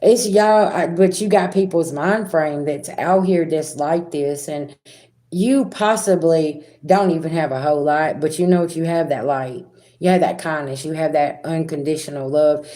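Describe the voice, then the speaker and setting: A middle-aged woman, a spiritual reader talking casually and directly to her viewers in a rambling, animated way. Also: sits low, normal speed. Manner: animated, rambling, talks straight to viewers with asides. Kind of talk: casual direct-to-camera talk.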